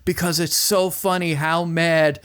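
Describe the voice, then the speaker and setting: Rambling higher-voiced podcast man. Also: flat delivery, a little slow, clean tone. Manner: rambling storyteller, acts out quotes with shouts. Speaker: podcast co-host. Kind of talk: casual chat about music.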